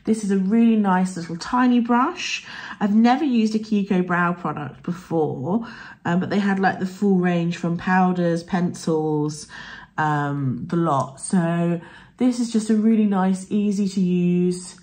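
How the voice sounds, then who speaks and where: A young woman talks her viewers through a makeup routine in a casual vlogger chat. Her voice still has some morning roughness. She speaks in a friendly, rambling way with frequent fillers and asides. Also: lowish voice, measured pace, a little mellow. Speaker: beauty vlogger.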